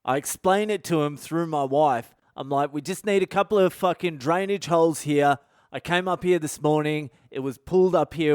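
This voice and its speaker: A man's voice: fairly high pitch, clear, resonant tone, no room sound, clean studio sound. Brash, sweary Australian man telling stories. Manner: brash, sweary, animated storytelling. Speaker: podcast host, comedian. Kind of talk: profane comedic storytelling monologue.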